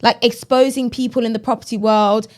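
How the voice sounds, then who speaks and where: A woman's voice: a little high, steady tone, darkish tone. A woman co-hosting a podcast in casual chat, talkative and dramatic, fond of teasing. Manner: chatty, dramatic, quick to tease. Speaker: podcast co-host.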